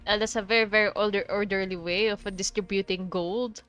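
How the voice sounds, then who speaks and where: A woman's voice: mid-range voice, steady tone, a little fast, fairly bright tone, clear, resonant tone, faint music behind. A woman from the Philippines with a Filipino accent, chatting casually while streaming a game, laughing often and swearing freely. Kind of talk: casual chat while playing.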